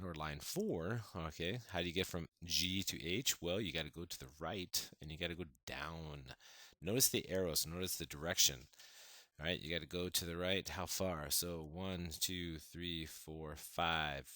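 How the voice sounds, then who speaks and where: Deep-voiced guy teaching math, bright punchy tone, dry close sound, gets all excited about slopes. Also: moderate pace, no echo. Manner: enthusiastic, playful exclamations. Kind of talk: classroom math lesson.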